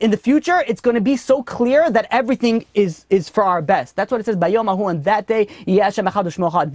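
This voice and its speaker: Animated rabbi telling stories. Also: male voice, sits high, no room sound. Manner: animated storyteller, drops to a murmur for story asides. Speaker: rabbi teaching a weekly class. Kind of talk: Torah class with storytelling. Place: classroom.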